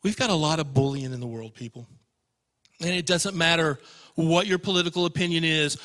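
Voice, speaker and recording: A man preaching a sermon in a church, telling an emotional story and swinging from loud passages to hushed ones. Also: fairly high pitch, brisk, big-room sound. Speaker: pastor.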